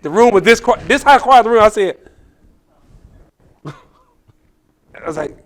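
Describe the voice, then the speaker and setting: A man, a comedian guest, telling profane, animated stories about comedy shows on a podcast. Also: very high-pitched, measured pace, long pauses. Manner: profane, animated storytelling with acted quotes. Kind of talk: casual storytelling on a podcast.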